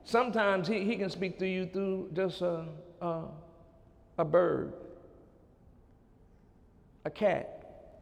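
A male preacher delivering a fervent sermon and reading scripture aloud. He repeats his phrases and swings between loud and hushed delivery. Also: high voice, fairly even intonation, slow, gravelly, pauses often. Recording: long hall reverb.

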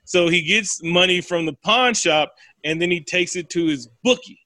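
Male co-host, slightly high and bright, dry close sound, rambling profane storyteller. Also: moderate pace, no echo. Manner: animated, profane storytelling with acted quotes. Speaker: podcast co-host. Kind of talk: casual chat, retelling a film plot.

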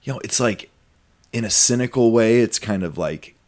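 A podcast host tells a long story in casual conversation, rambling along with plenty of fillers and asides. His voice is fairly low, and he speaks at a normal speed.

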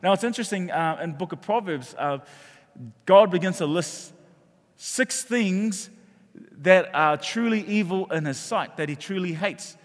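A man's voice: high-pitched, measured pace. A man, preaching a sermon and telling stories animatedly, acting out the voices of the people in them. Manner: animated storytelling that acts out quoted voices. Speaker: pastor. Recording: echoey hall reverb.

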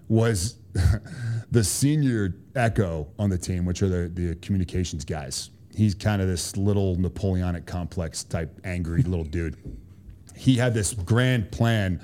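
A man with a Boston accent tells stories as a podcast guest, his voice sitting a bit low with a mellow, unforced tone. He talks animatedly and swears freely. He keeps checking in with his listeners with a quick "right?" or "like". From Boston, USA. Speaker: podcast guest, Army Special Forces officer. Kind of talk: casual storytelling interview.

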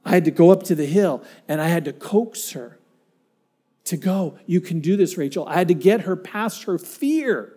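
High, mellow-voiced male preacher. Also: expressive, normal speed, slightly rough. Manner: dynamic, swinging from hushed to emphatic; earnest storytelling with acted-out quotes. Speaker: pastor. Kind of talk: sermon.

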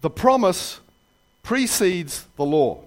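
A man preaching a sermon in a church, telling jokes and stories with lively asides. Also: high voice, slow. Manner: animated storytelling with jokes and asides. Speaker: pastor.

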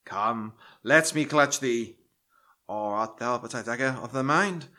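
A man's voice: mid-range voice, unhurried, pushed and bright. A man playing an overexcited actor at an audition who declaims theatrically and gets carried away. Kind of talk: comedy sketch acting.

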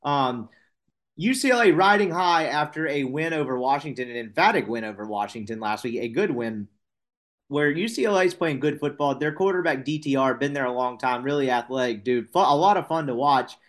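A man's voice: medium pitch, expressive, a little fast. A man hosting a casual sports betting podcast, rambling and correcting himself with wry asides.

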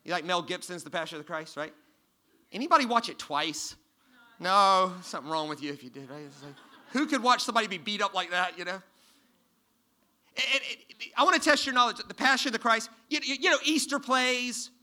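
A brisk, high-pitched pastor preaches from the stage of a church, testing his congregation with questions. His volume swings back and forth between forceful emphasis and soft, hushed passages.

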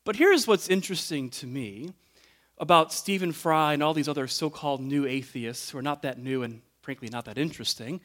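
A male pastor delivers a sermon in an earnest, reflective way, with a voice that sits a little higher than most men's. His phrases tend to rise, then fade off quietly at the ends. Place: church sanctuary.

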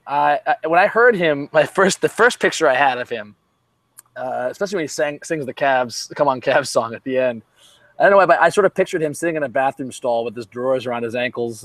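A man's voice: mid-range voice, fairly quick, fairly bright tone, dry recording. A man co-hosting a casual sports podcast, rambling with many fillers and wry jokes. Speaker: podcast co-host.

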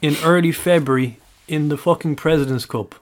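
A man on a casual sports podcast with a mid-pitched, everyday voice. His humour is dry and wry, and he steers the chat along. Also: brisk. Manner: dry, wry, reads out comments. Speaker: podcast co-host.

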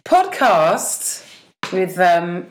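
A woman with a cold and a husky voice, co-hosting a casual comedy podcast in a jokey, self-mocking way. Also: lowish voice, big pitch swings, extremely slow. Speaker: podcast co-host. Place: conservatory of a house. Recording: echoey room, heavy hiss.

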